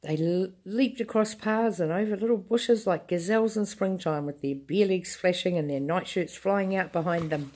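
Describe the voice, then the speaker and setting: Low-voiced woman reading a storybook aloud. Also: moderate pace, hardly any pauses, a little mellow. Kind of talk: reading a children's book aloud.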